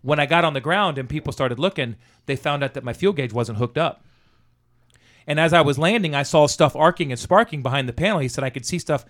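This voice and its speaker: Fast-talking man swearing through a work story. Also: on the high side. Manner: profane, animated anecdote-telling with quoted dialogue. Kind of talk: casual storytelling chat.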